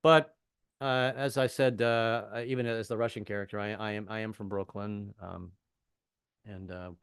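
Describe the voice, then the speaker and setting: A man's voice: on the low side, flat delivery, normal speed, clean tone, no echo, clean studio sound. An older man from the American South doing a rambling, self-deprecating stand-up set with frequent stammered restarts. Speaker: stand-up comedian.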